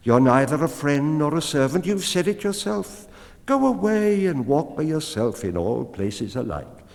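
A man's voice: a little high, sing-song, unhurried, vocal fry, darkish tone, voice pushed up, full character voice. A man voicing a proud, commanding woman in a storybook, speaking in a raised, emphatic, declaiming voice. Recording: long hall reverb.

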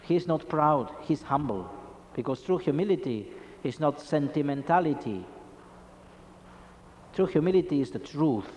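A man's voice: fairly high pitch, animated, moderate pace, pauses often, a little mellow, long reverb tail, slight background noise. A man preaching a Catholic sermon, emphatic and full of rhetorical questions.

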